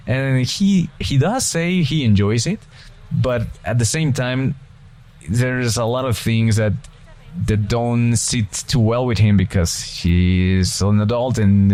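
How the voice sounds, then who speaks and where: A man's voice: on the low side, a little mellow. Rambling man with a foreign accent. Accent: non-native English, foreign accent. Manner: rambling, many restarts and tangents. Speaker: gaming channel co-host. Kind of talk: casual gameplay commentary.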